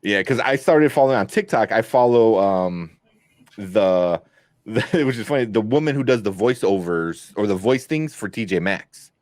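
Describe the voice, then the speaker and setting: A man's voice: on the low side, animated, normal speed, a little mellow, no echo, clean studio sound. Rambling young man reviewing a movie. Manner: rambling, lots of fillers and restarts. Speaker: podcast co-host. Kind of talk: casual movie review chat.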